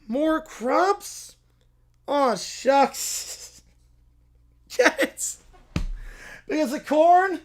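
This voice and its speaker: A man playing a goofy young man who shouts the same corn pun catchphrase again and again, in a comedic read-aloud. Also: very high-pitched, animated, extremely slow, pauses often, exaggerated voice. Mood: goofy, shouting.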